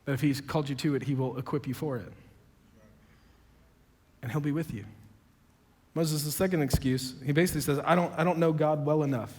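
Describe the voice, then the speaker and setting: A man preaching a sermon, telling dialogue in conversational voices and building to loud, emphatic peaks. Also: fairly high pitch, a little fast, long pauses. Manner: quotes dialogue in conversational voices, self-described sarcastic. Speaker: pastor. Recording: long hall reverb.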